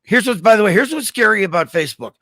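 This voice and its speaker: A man's voice: high-pitched, lively intonation, fast talker, fairly bright tone, dry recording. An older man hosting a podcast, telling rambling anecdotes full of restarts and acted-out quotes over a video call from a home room. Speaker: podcast host. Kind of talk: casual storytelling chat.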